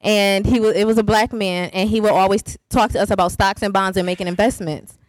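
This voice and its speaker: A woman's voice: medium pitch, fairly even intonation, fairly quick, no echo. A woman chatting on a casual panel, talking in a rambling, teasing way. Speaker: panel guest.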